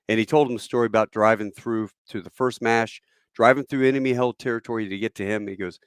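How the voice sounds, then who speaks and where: A man with a fairly low voice tells a story in a relaxed, conversational way. He slips into the voices of the people he quotes. The recording is dry and close. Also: fairly quick, dry recording. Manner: casual retelling, acting out the quoted voices. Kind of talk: spoken anecdote.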